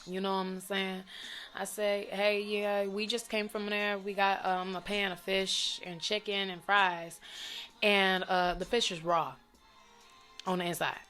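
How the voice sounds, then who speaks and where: A young woman vlogger telling a story to camera in a blunt, profane, animated way. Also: medium pitch, a little slow, soft background music. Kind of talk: casual storytime rant to camera.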